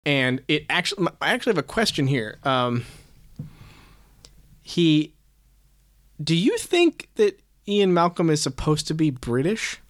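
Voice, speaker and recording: A man co-hosting a relaxed book chat, musing aloud and second-guessing his own points. His voice sits somewhat high for a man. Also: measured pace, long pauses. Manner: thoughtful, self-questioning. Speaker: podcast co-host. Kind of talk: casual book-discussion chat.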